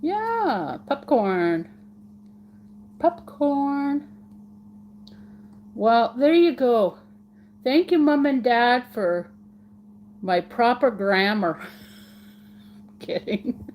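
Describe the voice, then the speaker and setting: Woman, live stream host, giggly, playful, slow-paced, faint background noise. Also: fairly high pitch, sing-song, darkish tone. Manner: giggly, playful, repeats words for fun. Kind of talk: casual live stream chat with viewers.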